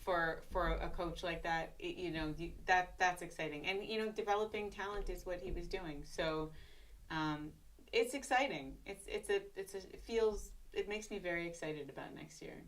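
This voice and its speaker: A woman co-hosting a casual sports talk show, agreeable and halting, with many fillers. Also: on the low side, fairly bright tone, rough recording. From New York. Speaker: podcast co-host.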